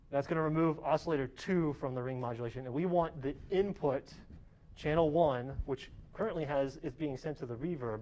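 A man's voice: fairly high pitch, mellow, slight background noise, low-quality recording. A male professor giving a casual, hands-on classroom demonstration and checking in with his students with a frequent "okay?". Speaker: college professor.

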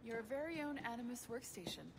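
Upbeat corporate guide. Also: female voice, on the high side, lively intonation, a little fast, a crowd in the background. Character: brisk young female corporate guide. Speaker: project supervisor showing a new hire around.

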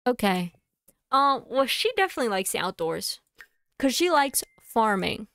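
Woman streamer, chatty and thinking aloud, a bit high-pitched, dry mic. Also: very animated, creaky, a bit bright, dry recording. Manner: chatty, thinks aloud, quick asides and laughs. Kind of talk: casual live-stream chatter while playing a game.

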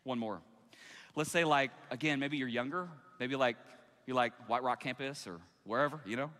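Male pastor, bright and forceful, chatty sermon delivery, big echoing church hall. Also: mid-range voice, normal speed. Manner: conversational, acts out everyday dialogue. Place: church auditorium. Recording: long reverb of a large hall.

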